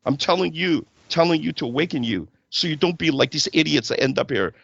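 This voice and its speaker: A man's voice: fairly high pitch, animated, fairly quick, creaky, a bit bright, no echo, lo-fi sound. A man hosting a casual spiritual talk show, preaching and checking in with "right?" and "okay?".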